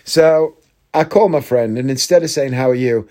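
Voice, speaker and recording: A man's voice: medium pitch, normal speed, a little mellow. Man, podcast host, casual comic monologue, loose and rambling, cheeky swearing. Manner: chatty, swears freely, jumps between anecdotes.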